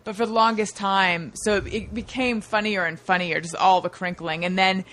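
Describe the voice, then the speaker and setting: A woman's voice: mid-range voice, steady tone, normal speed, a bit bright, a little hiss or hum. A woman guest on a comedy podcast, chatting casually and thinking aloud.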